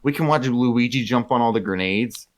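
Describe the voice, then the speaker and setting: A man's voice: mid-range voice, moderate pace. A young man co-hosting a casual, joking podcast chat. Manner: joking, playful, does silly voices. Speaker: podcast co-host.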